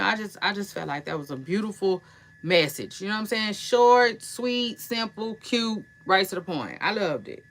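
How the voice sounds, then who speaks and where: A woman's voice: mid-range voice, creaky, fairly bright tone. A woman giving casual celebrity gossip commentary, chatty and slangy, rambling with frequent asides.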